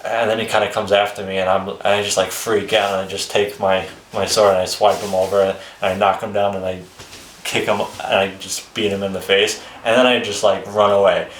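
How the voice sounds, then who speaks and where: A man with a fairly low voice tells a personal story in a loose, rambling, conversational way. He swears casually and keeps breaking into short chuckles. The sound is roomy, with a noticeable echo around him. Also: flat delivery, fairly quick, slight background noise. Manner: rambling, chuckles between phrases, swears freely. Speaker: vlogger telling his life story.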